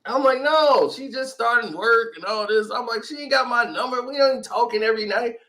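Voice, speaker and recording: High bright-voiced man telling a lively story. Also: normal speed. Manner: animated, acts out quoted voices, laughs often. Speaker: host. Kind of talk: storytelling in casual chat.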